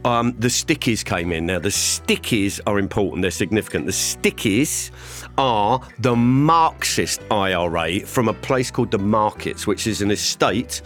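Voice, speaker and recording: Rambling comedian telling a story. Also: male voice, on the low side, a little slow, soft background music. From England. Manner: rambling, animated, acts out other people's voices. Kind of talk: comic anecdote told to a panel.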